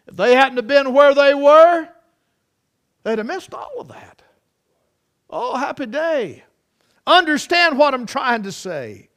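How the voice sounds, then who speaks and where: A man preaching a sermon, swinging from loud ringing peaks to low, quiet storytelling. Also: very animated, a little slow, pauses often.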